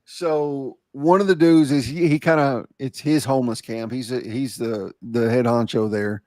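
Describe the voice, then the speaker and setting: A man's voice: medium pitch, fairly even intonation, moderate pace, a little mellow, no room sound. Brief: male host, casual podcast chat, dry close sound. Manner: casual, says "bro" and "dude", affirming interjections.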